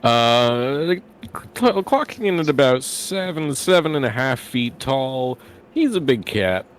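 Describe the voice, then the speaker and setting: A man playing a tabletop game, describing his character in a halting, hesitant way. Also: mid-range voice, sing-song, a little hiss or hum. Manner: halting, hesitant, full of fillers. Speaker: player.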